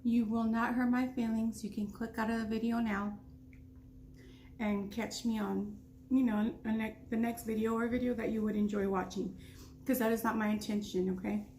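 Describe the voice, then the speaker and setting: A woman's voice: on the high side, flat delivery, normal speed, darkish tone, a little hiss or hum. A woman in her thirties telling a story while eating, talking casually with food in her mouth. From United States. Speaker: vlogger.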